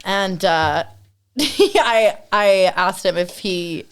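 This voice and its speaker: Lively, laughing woman podcast co-host. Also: mid-range voice, drawn-out words, clean tone. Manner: laughing, swears freely, animated storytelling. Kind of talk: casual chat.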